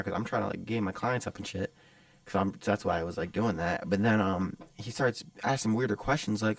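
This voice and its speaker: A man's voice: fairly low pitch, lively intonation, fast talker, vocal fry, no echo. A man hosting his own podcast, telling a story in a rambling, profane, casual way. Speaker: podcast host.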